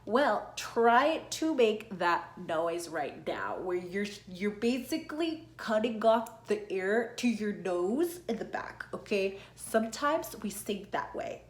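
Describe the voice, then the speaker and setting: A woman's voice: medium pitch, reverberant. A woman teaching an online singing lesson, explaining plainly, checking in often with "okay?" and singing short demonstration notes. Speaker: singing coach.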